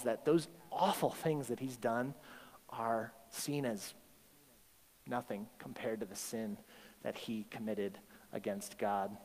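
A man preaching a sermon at a school chapel service, emphatic, with rhetorical questions and acted-out inner voices. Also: on the high side. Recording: long hall reverb.

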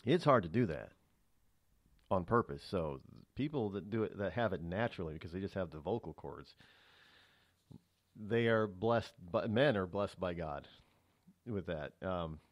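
A man's voice: low-pitched, animated, unhurried, long pauses, dry recording. A male radio talk show host talking alone on air, rambling with many fillers and restarts. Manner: grows heated and emphatic on politics. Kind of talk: solo talk radio commentary.

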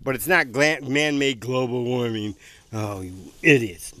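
A man's voice: medium pitch, a little slow, a bit bright. A man ranting angrily outdoors in the wind, swearing hard and mocking his opponents in a sneering voice. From United States. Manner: furious, profane, sneering mockery. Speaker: vlogger. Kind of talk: angry outdoor rant to camera.

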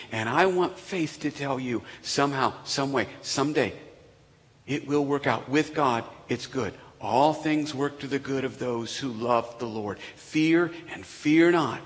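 A man preaching a sermon to a congregation, telling the story dramatically and swinging from loud emphasis down to near-whispers. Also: mid-range voice, slow. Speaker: pastor. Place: large church sanctuary. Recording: reverberant church hall.

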